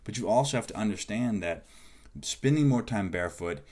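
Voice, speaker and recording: A man hosting a podcast as a movement coach, talking in a casual, animated monologue and acting out quoted exchanges with clients. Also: lowish voice, a little fast.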